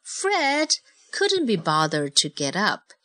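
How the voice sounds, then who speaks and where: A woman reads a bedtime story at an unhurried, deliberate pace. Her pitch sits low but swings widely as she stresses words. The sound is close and dry, with no room around it. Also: wildly swooping pitch, no room sound. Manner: gentle, teacherly, switches between English and Mandarin. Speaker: host reading stories with a child. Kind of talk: bilingual storybook reading.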